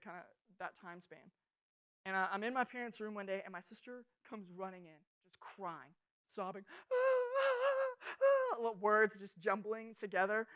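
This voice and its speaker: A young adult woman speaking to students in a youth sermon, telling funny stories with animated, self-mocking humor. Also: fairly high pitch.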